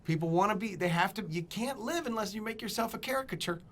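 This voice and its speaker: Comedian host from Kansas, male, high voice, lively storyteller who mimics people. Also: fast talker. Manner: animated storyteller, acts out voices of others. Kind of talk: casual chat.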